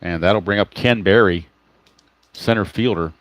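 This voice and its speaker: Casual low-voiced guy narrating a dice baseball game, talks to viewers as he rolls, dry room. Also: a little slow, dry recording. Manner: chatty, explains each dice roll, greets viewers by name. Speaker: tabletop baseball game host.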